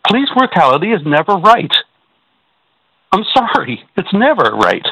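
A man's voice: sits high, huge pitch swings, normal speed, pushed and bright, breathy edge, dry recording, poor audio. A man calling in to a radio talk show, agitated and stammering through restarts. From Canada. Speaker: caller.

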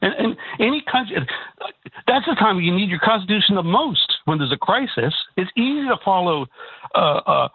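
A man's voice: high-pitched, lively intonation, moderate pace, slightly rough, dry recording. A man calling in to a radio show, agitated and stumbling over restarts as he talks. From Canada. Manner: agitated, repetitive, stammering restarts. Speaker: caller. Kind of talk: call-in radio talk. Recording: tinny phone line.

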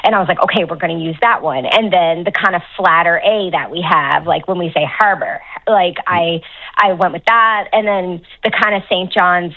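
A woman with a Newfoundland accent calls in over a thin, tinny phone line. Her voice sits a bit low for a woman. She talks chattily, laughing often and filling gaps with ums and likes. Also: normal speed. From Newfoundland, Canada. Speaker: dialect coach, radio guest. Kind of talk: casual phone interview.

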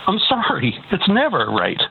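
A man's voice: high-pitched, huge pitch swings, moderate pace, gravelly. A man calling in to a radio show, talking in an agitated way with many restarts. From Canada. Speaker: caller. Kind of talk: call-in radio talk. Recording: tinny phone line with hiss.

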